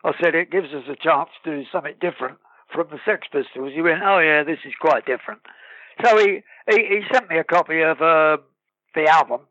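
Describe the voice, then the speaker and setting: A man telling anecdotes in casual talk, lively and animated, singing snatches of songs and laughing as he goes. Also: on the high side, fairly quick, no echo, dull audio. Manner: lively storyteller, breaks into sung snatches and laughs. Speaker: guest musician.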